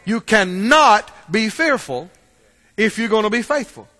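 A man preaching a sermon in church, asking the congregation questions and swinging between loud calls and hushed asides. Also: high voice, sing-song, unhurried. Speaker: pastor. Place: church sanctuary. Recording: long reverb of a large hall.

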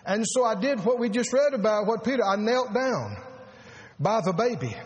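A man preaching a sermon as pastor, earnest and halting, repeating words and rising to emphasis. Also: sits high.

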